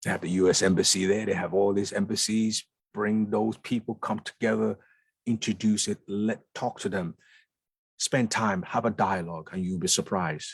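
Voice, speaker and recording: A man's voice: lowish voice, steady tone, normal speed, gravelly, breathy edge, dry recording. A man speaking as a guest in a lounge, talking emphatically and repeating words for stress. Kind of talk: conversational talk.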